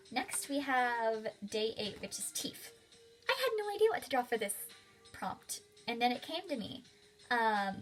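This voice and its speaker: A woman's voice: a little high, low-quality recording. A young woman casually talking over her sketchbook drawings, chatty and gushing, with lots of fillers. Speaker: artist showing her sketchbook. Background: faint background music.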